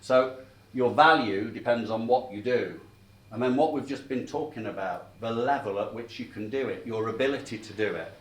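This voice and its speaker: A man's voice: mid-range voice, normal speed. A middle-aged man giving a sales training talk, telling stories and checking in with the room as he goes. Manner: chatty, checks in with the room often. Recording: echoey room, mic at a distance.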